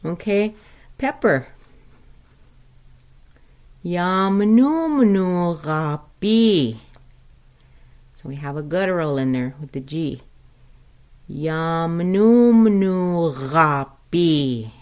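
A woman teaching vocabulary of her people's language, speaking slowly and patiently and repeating each word for listeners to say along with her. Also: deep voice, lively intonation, a little mellow. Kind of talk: spoken language lesson.

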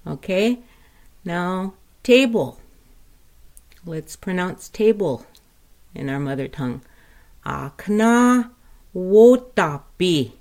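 A woman teaching vocabulary of her people's language, speaking slowly and patiently and repeating each word for listeners to say along with her. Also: on the low side, darkish tone. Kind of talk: spoken language lesson.

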